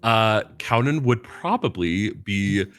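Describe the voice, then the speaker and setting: A man describes his character's plans in a tabletop game, pausing often on fillers. His voice is bright and animated, with faint music in the background. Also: lowish voice. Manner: hesitant, thoughtful with fillers. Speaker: player. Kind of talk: casual tabletop play.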